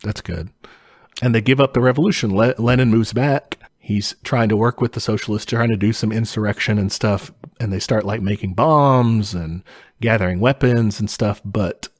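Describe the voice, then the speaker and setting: A man's voice: fairly low pitch, normal speed, no room sound, clean studio sound. A man co-hosting a casual podcast, telling history in a laid-back way with chuckles and casual swearing. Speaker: podcast co-host explaining history.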